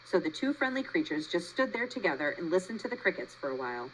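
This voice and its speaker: A woman teacher reading a children's novel aloud to her class. Her narration is expressive, with lively rises and falls in pitch. A faint noise sits under the recording. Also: fast talker, rough recording. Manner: expressive storytelling. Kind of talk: children's book read-aloud.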